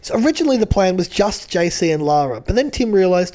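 A man talks through a reality show episode in easygoing podcast chat. He tells it in detail, jokes along the way and gets animated about the players. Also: high-pitched, fast. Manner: animated, joking, detailed storytelling. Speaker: podcast co-host.

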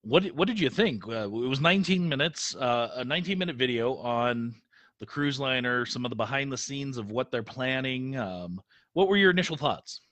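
A man co-hosting a casual live podcast, stuffy and congested from a cold, talking haltingly with many fillers. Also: mid-range voice, animated, a bit bright, no echo. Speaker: podcast co-host.

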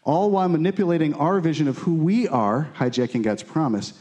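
A man's voice: a little high, fairly quick, a little mellow. A man preaching a sermon, earnest and emphatic, often repeating his key phrases. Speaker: pastor.

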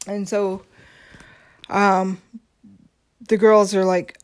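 A woman's voice: fairly low pitch, slow pace, pauses often, a little mellow. A woman hosting a podcast, telling a personal story in a candid, confiding way, with frequent ums and restarts. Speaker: podcast host.

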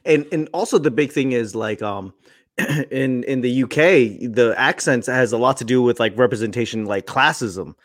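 A man's voice: mid-range voice, moderate pace, dry recording, clean studio sound. A man co-hosting a casual podcast, swearing freely and stumbling over restarts as he talks. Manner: profane, stammers on restarts. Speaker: podcast co-host. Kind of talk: casual banter.

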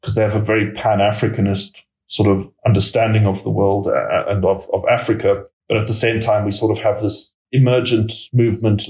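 A man giving measured expert commentary as an interview guest, hedging his points with many filler words. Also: fairly low pitch, darkish tone, echoey room, poor audio. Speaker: political risk analyst guest.

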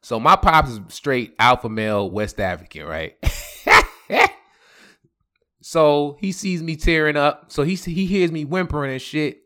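A man's voice: fairly high pitch, animated, a little slow, pushed and bright. A young man hosting a podcast, telling a personal story in heavy slang, laughing often. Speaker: podcast host. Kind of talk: casual storytelling.

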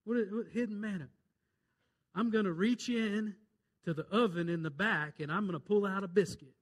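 High-voiced fervent preacher man. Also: normal speed. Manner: fervent preaching, swings from loud to hushed; tells jokes and quotes scripture. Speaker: pastor. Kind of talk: sermon.

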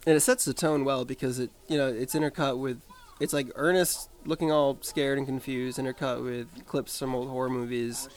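A man co-hosting a casual movie podcast, talking in a relaxed, dry way. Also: mid-range voice, moderate pace. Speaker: podcast co-host. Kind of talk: casual movie review chat.

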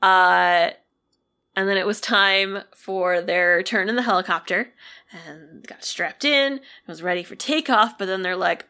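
A woman's voice: fairly low pitch, a little slow, pushed and bright. Chatty woman podcast co-host. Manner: chatty, filler-heavy with many "like"s. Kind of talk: casual chat, retelling a listener's story.

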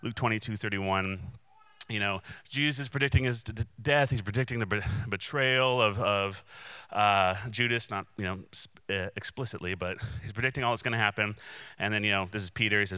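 A man's voice: fairly low pitch, fairly quick, pushed and bright, clear, resonant tone, no echo, clean studio sound. A man preaching a casual, conversational sermon, with many restarts and fillers and quoted voices acted out. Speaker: pastor.

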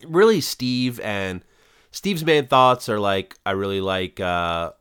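A man's voice: fairly low pitch, slow pace, clean tone. A man co-hosting a podcast, chatting casually and rambling a bit as he recaps a TV episode. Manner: relaxed, rambling with fillers. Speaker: podcast co-host.

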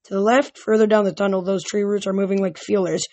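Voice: mid-range voice, little pitch movement, fast talker, darkish tone, dry recording, close to an everyday voice. A reader voicing an earnest, insistent teenage girl in an amateur audiobook reading.

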